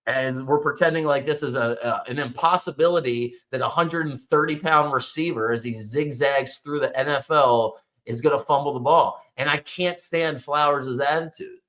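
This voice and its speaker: A man's voice: mid-range voice, a bit bright. Male sports talk host, exasperated fan ranting, casual with profanity. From Baltimore area. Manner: frustrated, exasperated, swears.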